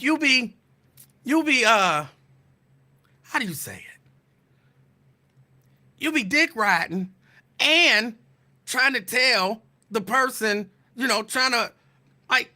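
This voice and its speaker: A man hosts his podcast in an animated, profane call-out rant, circling back to the same jabs again and again. His pitch swings widely from phrase to phrase, and his tone stays bright and forceful. He takes his time and lets each line land slowly. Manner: animated, teasing, profane, repetitive. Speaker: podcast host.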